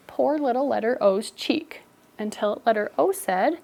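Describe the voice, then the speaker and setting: A young woman teaching an elementary phonics lesson in a classroom, telling stories and coaxing the students along in a lively, playful way. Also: a little high, moderate pace, creaky. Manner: animated storytelling, playful and expressive with students.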